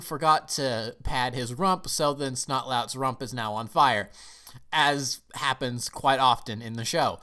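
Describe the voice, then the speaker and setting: A man's voice: medium pitch, unhurried, sharp tone. A man from the United States giving a casual, rambling film review vlog, often emotional and restarting his sentences.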